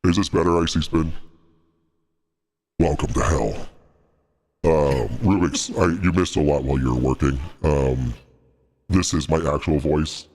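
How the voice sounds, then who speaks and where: A man using a voice changer to play a menacing devil with a deep, husky voice. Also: unhurried, long pauses, darkish tone, exaggerated voice. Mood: mock-sinister. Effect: voice changer pitched down.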